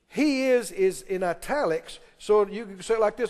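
Man, pastor, high-pitched, emphatic sermon, questions to the congregation, long hall reverb. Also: normal speed, few pauses, darkish tone.

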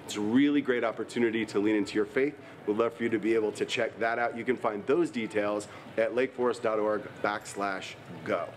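A man's voice: lowish voice, fairly even intonation, brisk, few pauses, slight background noise. A man from the church staff giving earnest, conversational announcements before the sermon.

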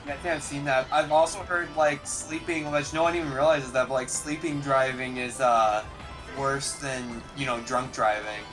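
A man's voice: medium pitch, steady tone, normal speed, over music, low-quality recording. A man chatting casually with a friend during a game, tired and drowsy, speaking in an offhand way with fillers. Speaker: streamer's friend. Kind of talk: casual chat while gaming.

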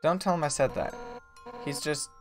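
A man voicing a brash, hot-headed female fish warrior, reading game dialogue aloud in a loud, blunt way. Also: a little high, steady tone, normal speed, lightly acted. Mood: earnest. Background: game music.

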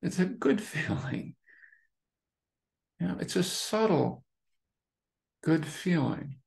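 A man's voice: a little high, slow pace, creaky. Male meditation teacher, loose conversational talk, circles back on his phrases. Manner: relaxed, repetitive, searching phrasing with many restarts. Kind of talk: dharma talk.

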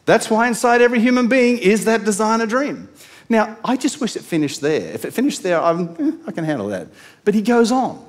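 A male pastor giving a sermon, retelling scripture in an animated storytelling way. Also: high-pitched, brisk.

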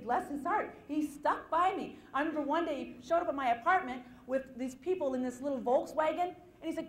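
A woman's voice: sits high, reverberant. A woman giving a live seminar talk on stage to an audience, telling personal stories with self-deprecating humor and acting out the voices in them. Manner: animated storytelling, acting out quoted voices. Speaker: motivational seminar speaker.

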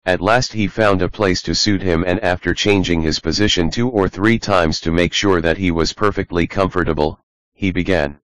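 A man calmly narrating a children's storybook audiobook. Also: low-pitched, moderate pace, dry recording.

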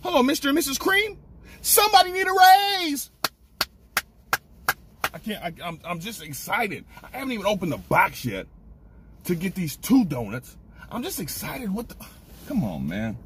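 A young man hosting a casual snack review vlog, ranting in an excitable, animated way. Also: sits high, normal speed, long pauses, a little hiss or hum.

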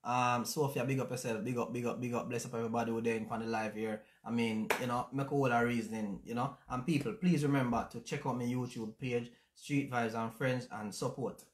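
A man with a Jamaican accent hosting a casual livestream chat, speaking in a reflective, halting way with many fillers. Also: medium pitch, steady tone. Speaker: channel host. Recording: roomy echo.

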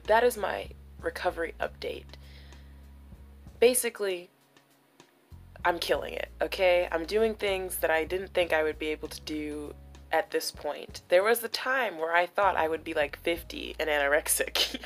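A young woman talking candidly and emotionally in a personal vlog, with many "like" fillers. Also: on the low side. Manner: emotional, confessional, full of "like" fillers. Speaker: vlogger.

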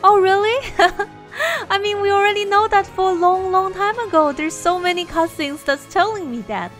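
High-voiced, excitable woman gaming. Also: normal speed, faint music behind. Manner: excitable, laughs and gasps often. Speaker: gameplay video creator. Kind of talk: chatty gameplay commentary.

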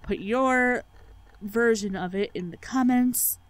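A woman's voice: fairly high pitch, slow pace, no echo. A woman hosting a let's play, giving sarcastic, profanity-laced commentary and mocking the game's dialogue. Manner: sarcastic, swears freely, mocks the game's dialogue. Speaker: let's play channel host. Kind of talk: gaming commentary.

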